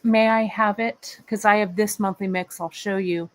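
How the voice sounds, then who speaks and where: A woman's voice: medium pitch, steady tone, normal speed, low-quality recording. A woman in her fifties hosting a live beading show, chatting casually and meandering as she talks to viewers and her cat. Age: 50s. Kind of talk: casual live-stream chat. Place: workshop bench, indoors.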